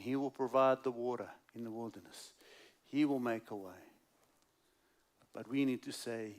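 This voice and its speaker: A man preaching a sermon as a guest speaker at a church service, alternating loud, emphatic lines with hushed, quiet asides. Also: medium pitch, fairly even intonation, a little slow.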